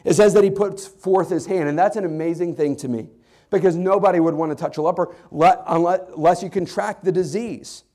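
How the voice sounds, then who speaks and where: A young man preaching a sermon as a pastor, telling a story in an animated way with many restarts and fillers. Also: high-pitched, a little fast. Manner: animated storytelling, rising to excited shouts.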